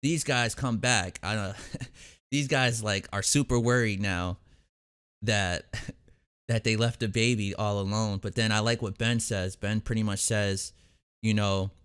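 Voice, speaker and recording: A man's voice: on the low side, steady tone, a little slow, fairly bright tone, clear, resonant tone. A young man hosting a reaction video, casually recapping an episode in a rambling way, full of fillers and restarts.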